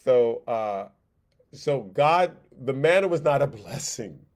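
Animated man teaching a Bible lesson. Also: mid-range voice. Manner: animated, voices God and the people in quick asides; conversational, repeats phrases. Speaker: Sunday school teacher.

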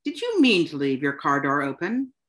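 A woman reading as a calm European man. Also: sits low, moderate pace, exaggerated voice. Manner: calm, mild and matter-of-fact. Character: calm, philosophical European man, barefoot groom-to-be.

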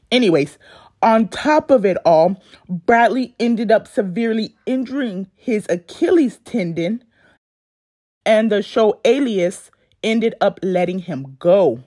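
Speaking slowly in a dark, expressive, medium-pitched voice, a woman recounts a celebrity's life for her video audience. Her delivery is full of chatty asides, and she's self-conscious whenever words get censored, in typical YouTube-narrator fashion. The sound is dry and studio quality.

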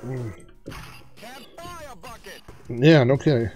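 A man hosting a retro gaming video, giving casual, excitable gameplay commentary and chatting to the players on screen. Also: medium pitch, extremely slow, muffled recording, soft background music.

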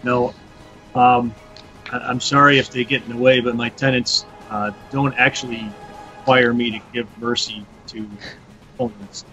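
A man's voice: mid-range voice, fairly even intonation, moderate pace, pushed and bright. A man playing a tabletop game, wry and a little apologetic as he calls his actions. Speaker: player. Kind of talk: casual tabletop play. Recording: dull lo-fi sound with faint music.

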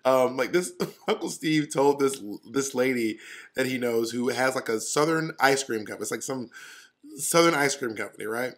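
Guy cohosting a chat podcast, blunt n profane, acts out every quote, mid-pitched voice. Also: moderate pace. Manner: animated storytelling with acted-out quotes. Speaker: podcast co-host. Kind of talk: casual chat.

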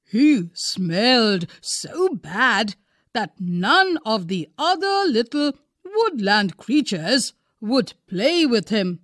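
A woman reading a father's lines as he tells his little daughter a bedtime story, in an emphatic, animated way. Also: a little high, slow pace, no echo, clean studio sound, full character voice. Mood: storytelling.

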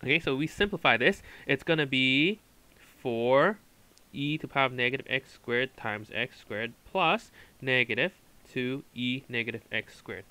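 A man from Hong Kong tutors calculus at a whiteboard, explaining step by step and frequently checking in with "okay" and "right." His mid-range voice has a sharp tone at normal speed, and the recording is rough.

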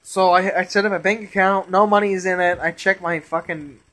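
A man's voice: high voice, steady tone, fairly quick, a bit bright. A young man who is a gaming vlogger, ranting in frustration and cursing heavily as he rambles while playing a game. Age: young adult.

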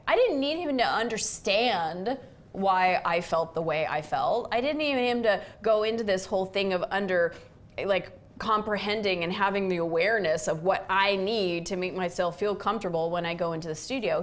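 Expressive and medium-pitched, this middle-aged host keeps a moderate pace in a relaxed conversation about relationships. She recounts an ordinary story, performing the quoted lines with animation.

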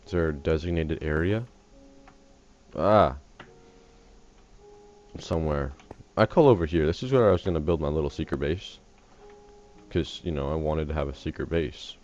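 With faint music in the background, an American gaming host who just got up talks in an extremely low, slightly mellow voice at a moderate pace, pausing often. He rambles, jokes and gets distracted during casual game commentary, recorded in dull lo-fi with faint hiss.

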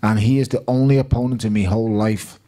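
Liverpool bloke a bit low-pitched, chatty storytelling, acts out quotes. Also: male voice, fast talker. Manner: lively anecdotal, quotes himself and others. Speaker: guest boxer. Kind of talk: storytelling at a live fan evening.

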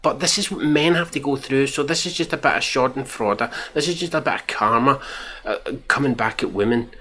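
A man's voice: medium pitch, fairly quick, bright, forceful tone, slight background noise. A Scottish man giving mocking, profane reaction commentary while reading out tweets. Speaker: commentary channel host.

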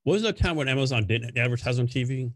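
Male podcast host, rapid casual questions, dry close sound. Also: medium pitch, expressive, no room sound. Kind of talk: conversational interview.

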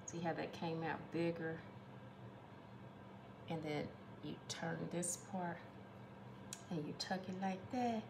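A woman's voice: fairly low pitch, fairly even intonation, measured pace, gravelly, long pauses, reverberant, noisy background. A woman chatting through a home cooking demonstration, affectionate and talkative, calling her viewers honey.

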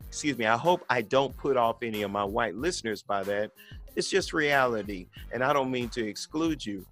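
A man's voice: medium pitch, a bit bright. A man in his thirties hosting a podcast, talking bluntly and candidly with lots of profanity in a casual monologue. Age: 30s. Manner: blunt, profane and candid, acting out quoted voices. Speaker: podcast host.

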